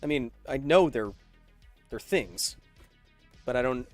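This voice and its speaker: A man hosting a casual science livestream, reading viewer questions aloud and answering them with jokes, slowing down for dramatic emphasis. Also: medium pitch, no room sound, faint music behind. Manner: energetic, joking, shifts between slow dramatic emphasis and quick asides.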